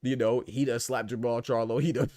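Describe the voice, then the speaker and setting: A man's voice: mid-range voice, fairly even intonation, a little fast, warm tone, dry recording, clean studio sound. A man hosting a boxing podcast, talking casually and with energy, asking rhetorical questions and reading out chat comments. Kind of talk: casual live-stream commentary.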